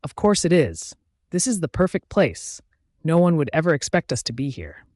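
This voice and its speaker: A man's voice: fairly high pitch, very animated, moderate pace, a little mellow, dry recording, studio quality, pitched above the performer's own voice. A man doing a smug, taunting werewolf alpha. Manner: mocking, taunting. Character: smug, arrogant young male werewolf alpha.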